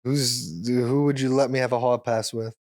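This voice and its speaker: A man's voice: medium pitch, steady tone, moderate pace, darkish tone, no room sound, studio quality. A man in his thirties co-hosts a casual podcast, joking and chuckling often. His laid-back voice sits in the middle range. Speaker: podcast co-host. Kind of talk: casual chat.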